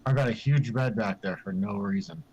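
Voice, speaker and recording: A man's voice: fairly low pitch, a little fast, creaky, a little mellow, poor audio. A man playing a blunt male slaver shopkeeper who talks in a dry, matter-of-fact way.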